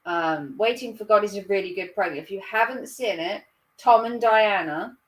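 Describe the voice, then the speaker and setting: A woman's voice: medium pitch, normal speed, far from the mic. A woman in her thirties with a Norfolk accent, a livestream host chatting casually with viewers in a giggly, self-mocking way. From Norfolk, England. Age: 30s. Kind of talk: casual chat reading viewer comments.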